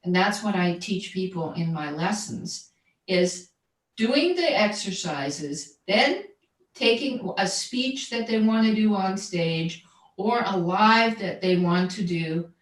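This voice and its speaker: A woman's voice: mid-range voice, lively intonation, takes it slowly. Woman voice coach chatting about technique, keeps saying right?, sounds far from the mic in an echoey room. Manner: explanatory, often adds "right?", repeats words when searching. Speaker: guest voice coach and jazz singer. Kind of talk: conversational livestream interview. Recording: roomy echo, distant from mic.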